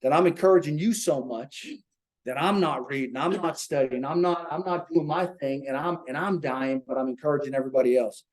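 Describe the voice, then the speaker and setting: A man's voice: a little high, fairly quick, low-quality recording. A man leading an informal Bible study for a small group, talking earnestly and checking in with rhetorical questions.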